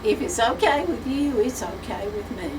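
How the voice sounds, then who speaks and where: A woman's voice: on the high side, animated, normal speed, close to an everyday voice. A woman voicing an easygoing old country mother with a folksy drawl, recorded on a distant mic. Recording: distant mic with background noise.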